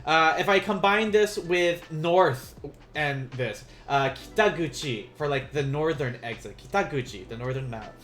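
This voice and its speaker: Slow-talking man teaching beginner Japanese. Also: fairly high pitch, expressive. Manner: rambling, self-amused, counts stroke numbers softly while writing. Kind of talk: casual livestream lesson.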